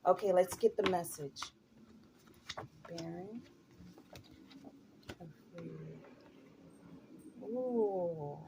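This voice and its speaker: A woman's voice: on the low side, very slow, pauses often, mellow, a little hiss or hum. A woman giving a tarot reading, musing and chatty, who now and then breaks into laughter. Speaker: tarot reader.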